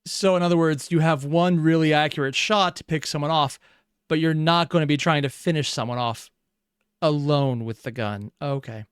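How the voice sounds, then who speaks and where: A man hosts a casual reaction video, talking in a chatty, excitable way and swearing freely. His voice sits a touch high. The sound is close and dry, with no room around it. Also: normal speed, clear, resonant tone, no room sound.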